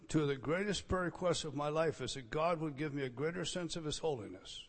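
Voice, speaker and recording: Male preacher, sermon, emphatic, loud then hushed, fairly high voice, long hall echo. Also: slightly rough. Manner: emphatic, swings between loud declarations and quiet asides. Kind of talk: expository sermon.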